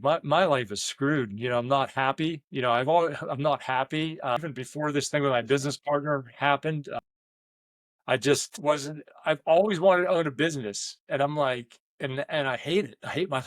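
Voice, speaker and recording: With a medium-pitched voice and no room sound, this business owner and leadership coach speaks in a candid, conversational way, wandering through stories full of restarts and quoted asides.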